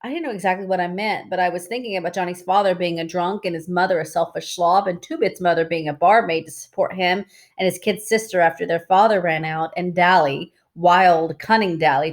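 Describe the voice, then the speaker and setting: A woman with a lowish voice reads a novel aloud, chapter by chapter. Her narration is steady and plain. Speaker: reader.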